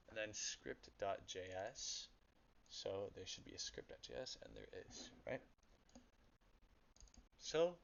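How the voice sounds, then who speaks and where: Low, gravelly young man, rambling coding tutorial. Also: fairly bright tone. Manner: loose and rambling, swears, thinks aloud with many ums. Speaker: self-taught coder giving a web dev walkthrough. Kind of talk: casual screen-share coding tutorial. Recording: dull lo-fi mic with faint noise.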